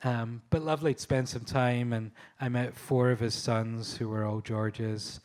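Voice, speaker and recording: At a live talk venue, a man from Scotland recounts his photo shoots with eager, breathless excitement, laughing often and tripping over his words with restarts and fillers. His voice is an ordinary middle pitch, and his anecdotes come at an unhurried pace.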